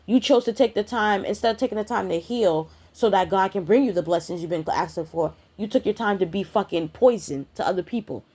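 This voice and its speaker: A woman's voice: mid-range voice, fairly quick, hardly any pauses, a little mellow, husky. Blunt, profane woman ranting. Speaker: spiritual content creator. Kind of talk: ranting vlog monologue.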